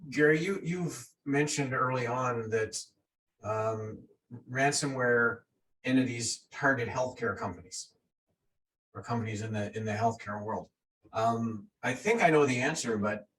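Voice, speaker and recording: Halting male host, far from the mic. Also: on the low side, fairly bright tone, a little hiss or hum. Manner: halting, with many restarts, emphatic. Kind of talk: webinar discussion.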